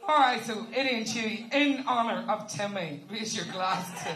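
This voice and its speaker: A woman's voice: on the high side, normal speed, noisy background. A woman fronting a band, chatting and joking with the audience between songs at a live gig in a village hall. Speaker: band singer talking to the audience. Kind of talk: live stage banter.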